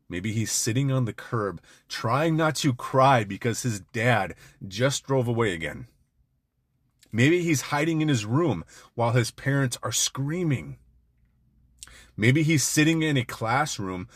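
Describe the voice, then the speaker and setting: A man's voice: fairly low pitch, dry recording, clean studio sound. A man giving an intense, blunt motivational monologue to other men, peppered with swearing. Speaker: men's self-help speaker.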